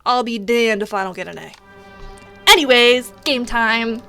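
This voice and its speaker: A young woman streamer chatting casually while gaming, telling a story in an animated way and swearing often. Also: a little high, unhurried, soft background music.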